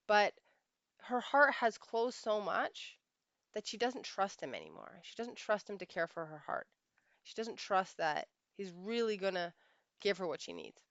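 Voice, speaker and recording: Female life coach, emphatic storyteller, slightly low voice, muffled sound. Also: no room sound. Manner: emphatic, repeats phrases for weight. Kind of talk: storytelling monologue.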